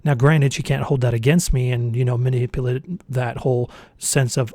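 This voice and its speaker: A man's voice: medium pitch, flat delivery, normal speed, darkish tone, no echo, clean studio sound. A man vlogging a casual motivational monologue, earnest and rambling, often correcting himself mid-sentence.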